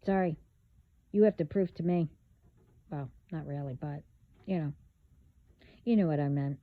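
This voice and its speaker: Woman, vlogger, blunt, halting, slow, tinny phone-quality audio. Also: low-pitched, no room sound. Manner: blunt, halting, many fillers and restarts. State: hiccups. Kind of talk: casual spiritual vlog talk. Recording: phone-like band-limited audio.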